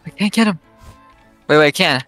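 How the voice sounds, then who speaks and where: A man calling out plays while gaming, reacting quickly and repeating himself in the heat of the moment. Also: on the high side, lively intonation, fairly bright tone, faint music behind. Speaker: gaming streamer. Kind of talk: excited gameplay chat.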